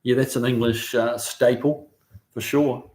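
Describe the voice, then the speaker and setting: A middle-aged New Zealand man hosts a laid-back live stream from his car shop, reading viewer comments aloud with plenty of ums and uhs. His voice sits at a medium pitch and he keeps a measured pace.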